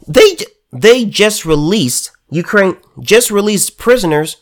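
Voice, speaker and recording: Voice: mid-range voice, big pitch swings, a little slow. A political commentator delivering a heated monologue, emphatic and sarcastic, often stumbling and restarting words.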